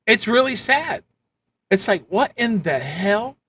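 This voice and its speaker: A man's voice: high voice, very animated, slow, fairly bright tone, a little hiss or hum. A man hosting a live stream, giving blunt, repetitive political commentary in a ranting manner. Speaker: livestream host.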